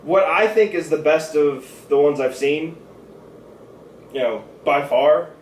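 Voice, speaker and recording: A man's voice: fairly high pitch, takes it slowly. A man co-hosting a casual chat about a cartoon, rambling with lots of fillers and restarts. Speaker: podcast co-host. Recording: roomy, distant mic with faint noise.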